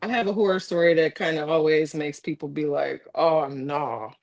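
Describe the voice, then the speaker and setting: A woman with an Ohio accent, telling stories on a podcast in a fairly low voice, recorded dry and close. She talks casually and animatedly and acts out the voices of the people in her stories. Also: normal speed, dry recording. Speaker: podcast guest, former social worker. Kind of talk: casual storytelling. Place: podcast studio.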